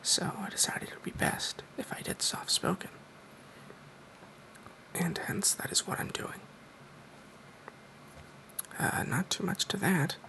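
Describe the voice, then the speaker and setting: Man, soft-spoken ASMR, deadpan, mock-serious, creaky, partly whispered. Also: high-pitched, takes it slowly, pauses often, rough recording. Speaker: ASMR creator.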